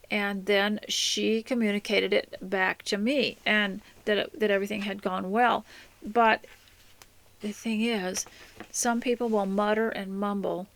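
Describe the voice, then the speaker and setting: A woman's voice: medium pitch, vocal fry, poor audio. A woman hosting a homemaking radio show, giving earnest, instructive advice in a casual talk to her listeners.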